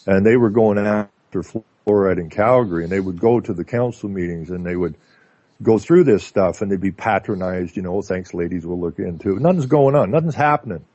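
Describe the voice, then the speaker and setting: A Canadian man talking casually as a radio guest, telling stories in an animated way with lots of filler words. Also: on the low side, a little fast, dry recording. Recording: dull lo-fi line.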